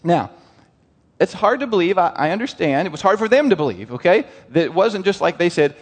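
A man delivers a sermon, animated and questioning his listeners. His voice sits a little high. The sound rings with a long hall reverb. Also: a little fast, husky. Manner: animated, asks the crowd questions, lively quoted voices. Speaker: preacher.

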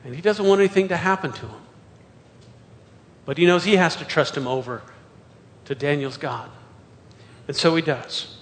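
Moving verse by verse through scripture, this high-voiced male pastor preaches at a moderate pace and pauses often. Along the way he poses pointed rhetorical questions, his words trailing off in the long echo of a large hall.

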